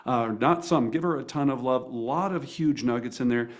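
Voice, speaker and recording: A man's voice: mid-range voice, normal speed. An enthusiastic man hosts an interview, voice in a mid range. He stumbles through restarts and fillers, jumping between praise and his next question. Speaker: host. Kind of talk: interview hosting.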